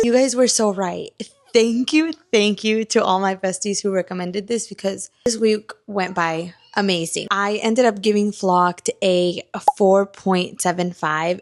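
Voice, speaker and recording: Young female book vlogger; casual, animated chat with frank swearing; dry close-mic sound. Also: medium pitch, no echo. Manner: chatty, animated, swears freely, quiet muttered reactions while reading. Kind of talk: casual reading vlog chat.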